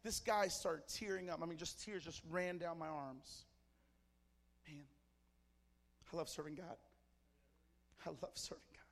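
Mexican pastor guy preaching, high voice, fervent, short punchy lines. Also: fairly even intonation, unhurried, long pauses, fairly bright tone, in a large hall. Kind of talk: sermon. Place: church service.

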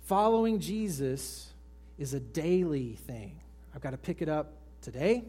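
A man preaching a sermon with a fairly high voice. He talks straight to the congregation with questions, then drops to a soft hush for the tender lines. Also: lively intonation, unhurried, breathy edge. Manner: swings from raised emphatic lines to hushed soft ones; asks the congregation direct questions. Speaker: pastor. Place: church service with congregation.

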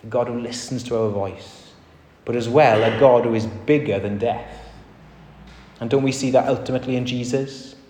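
A man's voice: medium pitch, fairly even intonation, moderate pace, darkish tone, a little hiss or hum. A man preaching a sermon to a congregation in an earnest way, asking rhetorical questions and acting out short quotes. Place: church hall before a congregation. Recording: echoey reverberant hall.

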